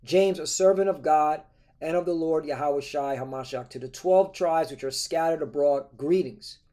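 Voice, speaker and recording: A man's voice: fairly high pitch, normal speed, mellow. A man preaching a scripture-reading sermon, reading verses aloud and breaking in with constant "all right? okay?" check-ins, in a combative tone.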